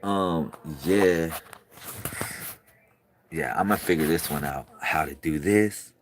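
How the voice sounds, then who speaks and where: A man talking casually to his viewers, excitable and slangy, repeating himself and swinging from loud bursts to quiet murmurs. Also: a bass voice, takes it slowly, a little hiss or hum. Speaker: video creator.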